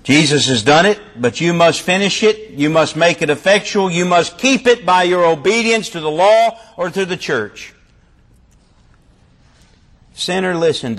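A man preaching a sermon with fervour, his delivery swinging between loud and hushed. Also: on the high side.

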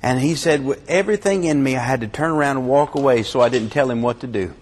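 A man preaching a sermon with fervour, his delivery swinging between loud and hushed. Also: fairly high pitch, fast talker, few pauses.

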